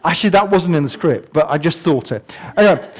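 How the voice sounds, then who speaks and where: A man's voice: on the high side, expressive, fast. An older man giving a humorous talk to an audience, telling stories with self-mocking asides and sound effects. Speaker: guest speaker. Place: museum talk before a live audience.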